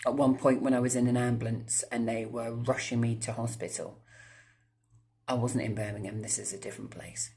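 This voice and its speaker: A man in his mid-thirties speaks at a middling pitch in a loose, casual storytime. He wanders off track, curses often and keeps turning to chat directly with his viewers. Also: fairly even intonation, fairly quick, vocal fry, darkish tone. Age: 30s. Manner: rambling, swears freely, chatty asides to viewers. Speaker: vlogger.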